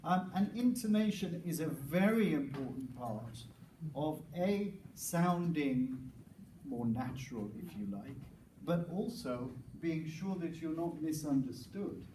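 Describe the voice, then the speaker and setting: A man's voice: fairly high pitch, expressive, takes it slowly, warm tone. A man presenting a teacher-training workshop, explaining ideas with many restarts and fillers, in a crowded room. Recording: echoey room, distant mic, noisy.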